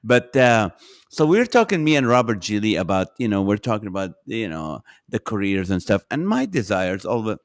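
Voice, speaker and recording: A man's voice: fairly low pitch, very animated, normal speed, no room sound, clean studio sound. A man hosting a podcast, a comedian talking in a loose, rambling way that keeps interrupting itself. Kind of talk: casual chat.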